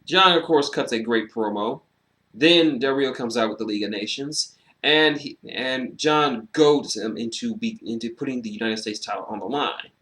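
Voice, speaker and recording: In a mid-range voice at normal speed, a man talks through a wrestling show in a casual, animated solo review. He's sarcastic, swears openly, and often reaches for fillers.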